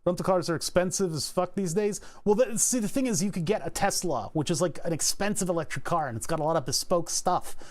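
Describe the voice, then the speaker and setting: A man's voice: high-pitched, fast talker, hardly any pauses. A man with a Philadelphia accent chatting casually and jokingly on a livestream while he designs circuit boards, rambling and swearing freely. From Philadelphia, USA. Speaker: streamer.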